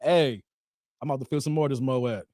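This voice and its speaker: A man's voice: medium pitch, brisk, dark tone, no echo, clean studio sound. A man, chatting casually with viewers, laughing often and repeating "hey, man" in playful banter. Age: 40s. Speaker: YouTube host. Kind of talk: casual live-stream chat reading viewer comments.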